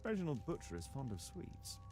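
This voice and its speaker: An actor voicing a dry, observant male detective in a studio game, with a measured, matter-of-fact delivery. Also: mid-range voice, huge pitch swings, darkish tone, faint music behind. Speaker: game character narrating clues.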